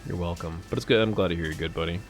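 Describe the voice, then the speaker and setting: A young man live streaming, chatting casually with viewers, animated and swearing freely. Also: sits low, rapid-fire, soft background music. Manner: animated, swearing, laughing at his own jokes.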